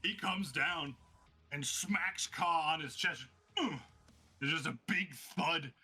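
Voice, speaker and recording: A man runs a tabletop game, narrating a brawl blow by blow with eager energy. His voice is slightly high, sharp and bright, with a husky grain. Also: takes it slowly, soft background music. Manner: excitable, laughing, vivid play-by-play. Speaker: game master.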